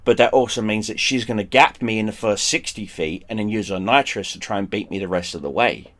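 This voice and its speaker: A man hosting a stream, telling a story in casual chat. He swears a lot, gets animated and often restarts his sentences. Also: fairly low pitch, brisk. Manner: profane, animated, with frequent restarts. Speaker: streamer host.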